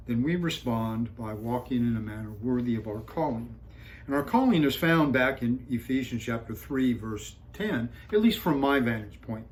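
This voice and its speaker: A male pastor preaching a sermon, telling a story calmly with frequent pauses and fillers before turning to scripture. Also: mid-range voice, poor audio. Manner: calm storytelling with frequent fillers, rising for punchlines.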